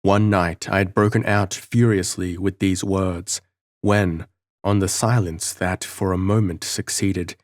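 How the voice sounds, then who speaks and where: Deep-voiced male audiobook narrator. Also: steady tone, no echo, clean studio sound. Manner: measured, dramatic reading. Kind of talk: scripted narration of a gothic novel.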